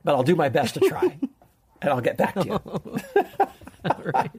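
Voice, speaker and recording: A man's voice: fairly high pitch, wildly swooping pitch, measured pace, darkish tone, husky. A man hosting a chatty show, talking enthusiastically and laughing easily. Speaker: show host, reviewer. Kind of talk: casual chat.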